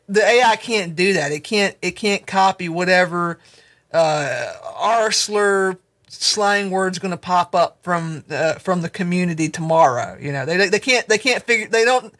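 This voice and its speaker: A man with a high, bright, sharp voice in casual podcast chat. He halts, stammers and gropes for the right word as he makes his point. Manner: halting, stammering, searching for words.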